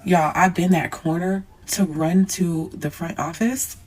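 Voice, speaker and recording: Young woman vlogger, storytime to camera, lowish voice, faint room hum, animated and blunt. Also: unhurried, low-quality recording. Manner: animated, swears, addresses viewers as y'all.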